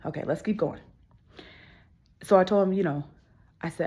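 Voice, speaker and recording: A woman with a fairly low voice tells a dating story in a casual vlog, recorded at home on a phone. She is animated and candid, swears without holding back, and jumps her voice up to act out what others said. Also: moderate pace. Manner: animated, candid, swears freely, acts out quotes in a high voice. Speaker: vlogger. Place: home with kids and cats around.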